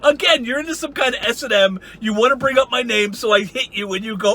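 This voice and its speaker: Bright-voiced sarcastic man in his forties. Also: very high voice, fast talker, hardly any pauses. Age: 40s. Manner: sarcastic, mocking, profane. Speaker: YouTube commentator. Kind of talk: ranting commentary.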